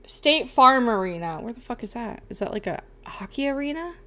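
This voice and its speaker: At a normal speed, a young streamer talks with lively intonation in a slightly high, pushed, bright voice. Her casual livestream chat rambles along, full of swearing and lines tagged with "bro" and "okay?"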